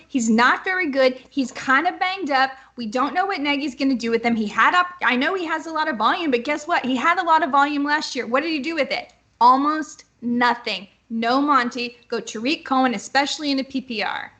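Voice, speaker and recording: A female fantasy football analyst co-hosting a live stream. Her voice sits a little high, and she delivers picks decisively and bluntly. She makes her case plainly, then moves on. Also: bright, forceful tone. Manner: decisive, blunt opinions, laughs easily.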